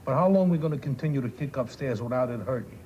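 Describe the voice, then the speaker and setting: A man speaking streetwise film dialogue in a quick, pleading way. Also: mid-range voice, a little mellow, highs cut off, a little hiss or hum.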